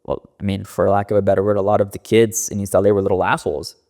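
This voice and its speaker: A man's voice: fairly low pitch, flat delivery, fast, gravelly, a little mellow. A young man from the Los Angeles area, a podcast guest, telling loose and profane stories in casual interview talk, full of fillers.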